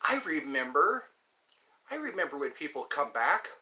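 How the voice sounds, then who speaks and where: A man hosting a casual livestream, greeting viewers by name and answering their comments in an unhurried, friendly way. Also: on the high side, big pitch swings, bright, forceful tone, low-quality recording. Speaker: livestream host. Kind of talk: casual livestream chat, greeting viewers between flute playing.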